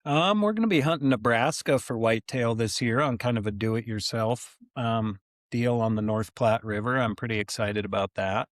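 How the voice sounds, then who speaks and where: A man in his forties telling stories as a podcast guest, animated and full of casual fillers. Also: mid-range voice, normal speed, few pauses, no room sound, studio quality. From United States. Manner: animated, many fillers like "like" and "you know". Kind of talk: casual storytelling.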